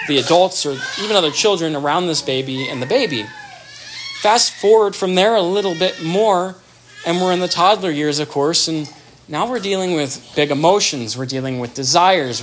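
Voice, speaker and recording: Man, slightly high pitch, explanatory talk, thoughtful, restarts often, faint background noise. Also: a bit bright. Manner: thoughtful, with frequent restarts and vivid everyday examples. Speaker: speaker on child development.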